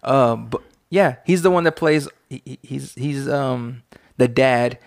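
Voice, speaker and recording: Young man, rambling casual chat, halting, dry room, mid-pitched voice. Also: fairly even intonation, creaky, no echo.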